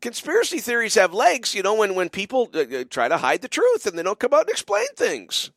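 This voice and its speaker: A middle-aged man hosts late-night call-in radio with a lively, up-and-down delivery and a slightly raised pitch. He rambles chattily, restarting sentences and tossing in playful asides. The sound is dry and close. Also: brisk, creaky, dry recording. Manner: playful, mock-drawling asides. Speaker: radio call-in host and biker church pastor.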